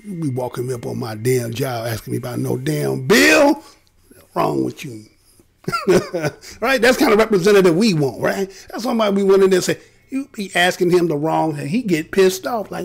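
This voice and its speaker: A man with a high, gravelly voice rants to his viewers in a loose, profane way. His tone is husky and rough, and he laughs between his points. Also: lively intonation, brisk. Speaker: vlogger. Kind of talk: casual commentary.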